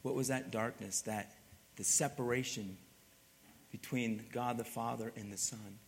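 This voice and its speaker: A man preaching a sermon as pastor, rising to loud emphatic peaks and dropping to hushed, low passages. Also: steady tone, measured pace, slight background noise. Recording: long hall reverb.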